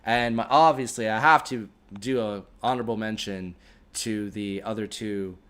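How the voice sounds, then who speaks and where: A man's voice: fairly low pitch, steady tone, moderate pace, fairly bright tone, clear, resonant tone. A man co-hosting a live comedy podcast, rambling through his picks with frequent laughter and restarts. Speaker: podcast co-host. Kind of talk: casual banter.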